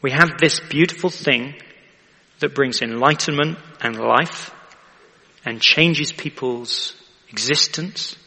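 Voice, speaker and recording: Male vicar, bright gravelly voice, chatty sermon in a reverberant hall. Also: mid-range voice, takes it slowly. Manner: chatty, asks the audience for agreement.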